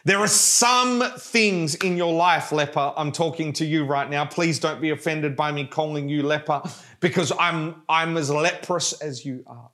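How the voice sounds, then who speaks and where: A male pastor preaching a sermon with passion, at times dropping to a hushed, pleading prayer. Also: fairly high pitch, a little slow.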